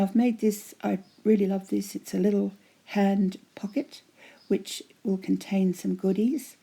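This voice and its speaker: A chatty woman with a voice going hoarse, gushing over her handmade crafts in a casual show-and-tell at home, often dropping to a breathy half-whisper. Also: medium pitch, mellow. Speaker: craft vlogger showing giveaway prizes.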